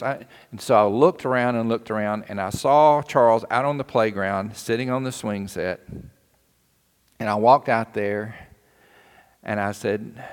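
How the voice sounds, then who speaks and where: A man's voice: fairly low pitch, measured pace, clean tone. A man preaching a sermon in a folksy, earnest storytelling way. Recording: long hall reverb.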